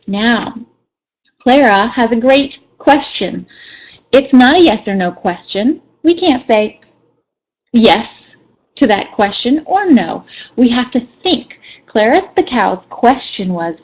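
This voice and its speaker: Woman, student teacher, lesson demonstration, fast, halting with fillers, fairly high voice, dull lo-fi audio. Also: expressive. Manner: quick, with many ums and restarts. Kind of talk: lesson demonstration and read-aloud.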